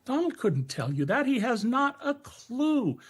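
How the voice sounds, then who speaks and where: A man's voice: very high voice, very animated, a little slow, breathy edge. A man speaking as a guest commentator in a live TV news debate, blunt and sharply critical, with frequent fillers. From United States.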